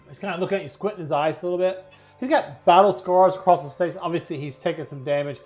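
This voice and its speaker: A man's voice: a little high, quick pace, a little mellow, soft background music. A man narrating and describing scenes as game master of a tabletop game. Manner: descriptive, conversational.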